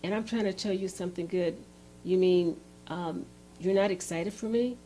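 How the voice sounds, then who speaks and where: A woman's voice: fairly low pitch, moderate pace, warm tone, slight background noise, close to an everyday voice, poor audio. A woman putting on a wounded, heartbroken wife. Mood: hurt, indignant. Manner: wounded, pleading. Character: hurt, heartbroken young wife.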